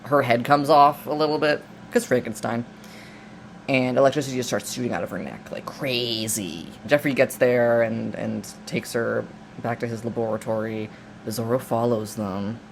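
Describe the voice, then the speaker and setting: A man's voice: medium pitch, steady tone, normal speed, creaky, slight background noise. A man recapping a film in a casual, rambling, jokey way, full of restarts and asides. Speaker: video essayist.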